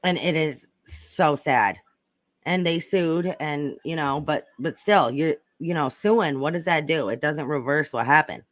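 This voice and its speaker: A woman's voice: deep voice, unhurried, no echo, studio quality. A woman hosting a casual livestream, chatting and reading viewer comments in a rambling way, swearing freely. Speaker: livestream host reading chat. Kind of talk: casual chat.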